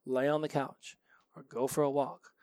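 A man hosting a solo self-help podcast, telling stories in a chatty, animated way. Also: mid-range voice, moderate pace, clean tone, no room sound. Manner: chatty, animated storytelling with laughs. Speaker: podcast host.

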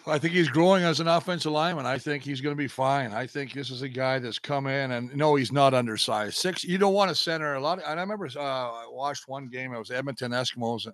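Animated middle-aged football analyst. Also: male voice, mid-range voice, fast, few pauses, no echo, studio quality. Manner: animated storyteller, emphatic. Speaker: football analyst, former player. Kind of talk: casual sports talk.

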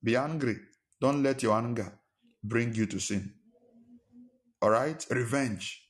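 Preaching slowly in a medium-pitched voice, a Nigerian male pastor delivers an emphatic sermon. One rhetorical question follows another, and he raises his voice to act out quarrels.

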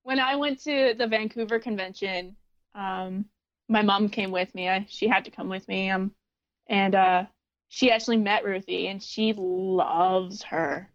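A woman's voice: medium pitch, fairly even intonation, a little slow, dry recording. A woman guesting on a casual podcast chats with plenty of "um" and "like". Her voice comes through dull and lo-fi. It sounds dry, with no room around it. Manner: chatty, with many fillers like um and like.

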